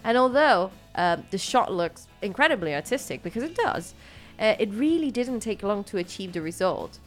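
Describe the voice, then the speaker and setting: A woman hosting a podcast, speaking at an average pitch. She moves between reading out notes and chatting casually, and she hesitates often with fillers. Music plays faintly behind her. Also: very animated, normal speed. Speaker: podcast host.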